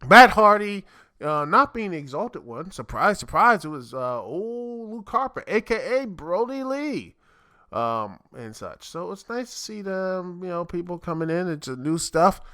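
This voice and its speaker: Bright, clear-voiced rambling podcast host. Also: male voice, high-pitched, big pitch swings, unhurried, no echo, studio quality. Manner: rambling, upbeat, with many fillers and restarts. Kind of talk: casual solo podcast talk.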